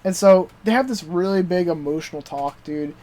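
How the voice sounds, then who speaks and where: Excitedly recapping a TV show on a podcast, this young adult co-host talks casually at a moderate pace in a high-sitting voice. His chat is full of swearing, plus plenty of "dude" and "like."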